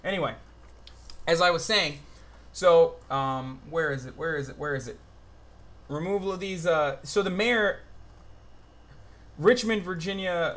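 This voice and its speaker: A man's voice: a little high, a little slow, long pauses, a bit bright. Profane, rambling young male streamer. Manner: profane, rambling and easily exasperated. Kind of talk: livestream commentary. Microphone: phone.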